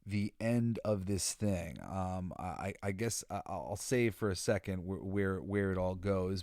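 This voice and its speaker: A man's voice: lowish voice, no room sound, clean studio sound. A man hosting a podcast, talking casually in a rambling, opinionated monologue full of fillers, restarts and exasperated sighs. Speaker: podcast host.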